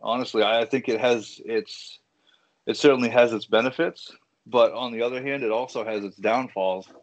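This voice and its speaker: A man's voice: mid-range voice, fairly even intonation, moderate pace, highs cut off. A man appearing as a guest on a casual podcast, answering in a laid-back, considered way.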